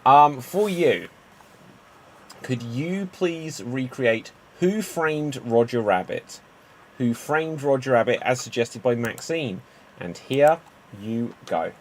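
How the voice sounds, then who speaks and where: A man hosting a live improv show, chatty and lively. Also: mid-range voice, slow pace, slight background noise. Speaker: improv host.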